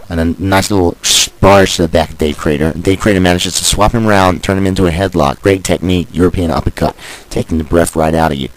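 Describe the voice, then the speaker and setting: Deep-voiced wrestling commentator. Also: male voice, fairly even intonation, quick pace, no room sound, low-quality recording. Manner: chatty, rambling asides and plugs. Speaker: wrestling commentator and show host. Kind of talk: video game wrestling commentary.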